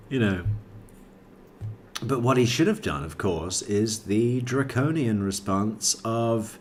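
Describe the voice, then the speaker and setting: A man's voice: fairly low pitch, slow, pauses often, slight background noise. A man co-hosting a true crime live stream, chatting casually, laughing often and stumbling over his words. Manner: laughing, joking, with stumbling restarts.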